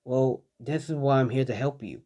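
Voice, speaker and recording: A man voicing a calm, mysterious double of a boy hero, speaking softly and evenly. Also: mid-range voice, normal speed, natural voice. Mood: reassuring.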